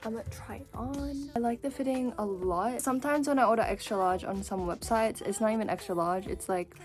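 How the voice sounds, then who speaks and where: A woman's voice: a little high, fairly quick. A teenage girl chatting casually as she narrates her own vlog, breezy and self-mocking. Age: teens. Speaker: vlogger. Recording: loud background music.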